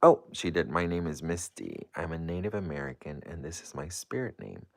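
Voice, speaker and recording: A man with a deep, expressive voice hosts a casual livestream at a moderate pace. He reads viewer comments out loud and chats in an effusive, gushing, rambling way, saying "like" a lot.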